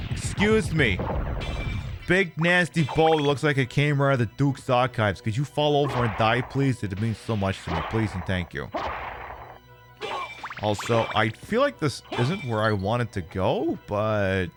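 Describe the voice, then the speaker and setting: A man giving sarcastic, profane commentary as he plays a video game, talking straight at the enemies and weapons on screen. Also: mid-range voice. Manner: sarcastic, swears freely, talks to enemies and items. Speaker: streamer playing a video game. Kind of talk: let's-play gameplay commentary. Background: game music.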